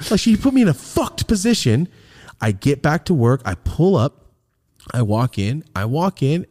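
A man's voice: lowish voice, dry recording, clean studio sound. A young man hosting a podcast, telling a long story in casual, profane chat and acting out the voices of the people in it. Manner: animated, profane, acts out voices in his stories. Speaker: podcast host.

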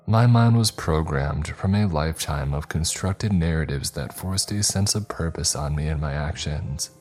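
A man narrating a scary story in a measured, somber way, as scripted narration. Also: very deep voice, a little mellow. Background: faint music.

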